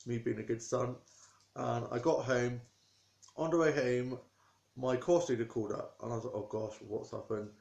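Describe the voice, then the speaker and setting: A man's voice: medium pitch, moderate pace, creaky, long pauses, a little mellow. A young man, chatting casually to camera in a rambling, talkative way from indoors at home. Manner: rambling and chatty, with small restarts. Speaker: vlogger. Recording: echoey room.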